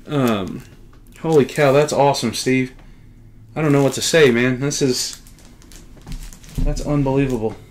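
A middle-aged man in casual unboxing chat, a comic book collector who talks in a talkative way and keeps exclaiming with excited gratitude. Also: medium pitch, a little slow, pauses often, slight background noise.

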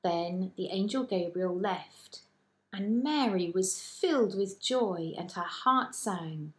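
A woman vicar giving a gentle children's talk and telling a Bible story slowly. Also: medium pitch. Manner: gentle, slow, storyteller's delivery.

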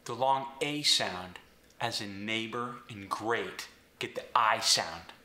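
Guy teaching sounds step by step, low and bright, roomy echo. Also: slow. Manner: clear step-by-step instruction. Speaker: accent coach. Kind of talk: instructional explanation.

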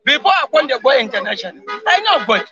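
A man's voice: very high-pitched, big pitch swings, fast talker, lo-fi sound, crowd noise. A man with a Nigerian Pidgin English accent giving an emphatic street interview, sprinkling his talk with oaths. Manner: emphatic pidgin English, swears wallahi often.

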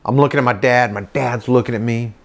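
A man doing stand-up comedy, telling a story with lively acted-out voices and sound effects. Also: medium pitch, a little fast. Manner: animated, acts out voices and boat sounds.

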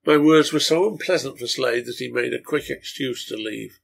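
A man reading a novel aloud in a steady storytelling manner. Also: mid-range voice, normal speed, gravelly, husky. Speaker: reader of a translated serial novel.

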